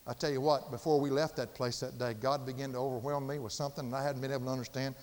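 An older man preaching a sermon with passion, swinging from loud emphasis to hushed, quiet tones. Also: mid-range voice, flat delivery, rapid-fire, big-room sound. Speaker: pastor.

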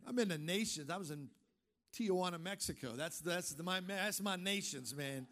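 A man preaching a sermon, firing off emphatic rhetorical questions and then dropping into a low, casual storytelling tone. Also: animated, normal speed, fairly bright tone. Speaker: pastor.

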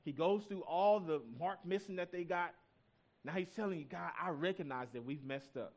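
A man's voice: high-pitched, moderate pace. A male pastor giving a sermon, reading scripture and telling stories in a conversational way, with asides to the congregation.

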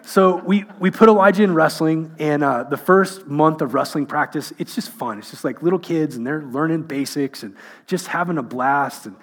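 A middle-aged male pastor with a husky, slightly raspy voice sitting a bit high for a man. He preaches through humorous, self-mocking stories and then turns earnest. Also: normal speed. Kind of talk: sermon.

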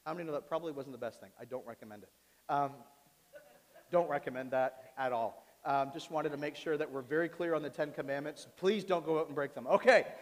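Male pastor with a fairly high voice, dramatic sermon delivery, large echoing sanctuary. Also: fairly quick. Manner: dramatic, swings from soft asides to loud pleading. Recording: long reverb of a large hall.

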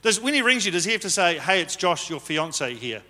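In a church hall with long reverb on this live recording, a high, sing-song, sharp-toned voice, possibly a man's, moves briskly. The pastor gives a conversational sermon and teases the congregation.

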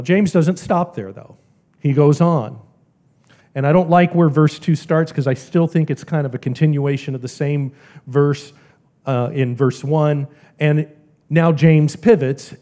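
A man preaching a sermon in church, earnest and emphatic, his voice rising and falling sharply in loudness. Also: on the high side. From American South. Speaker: pastor.

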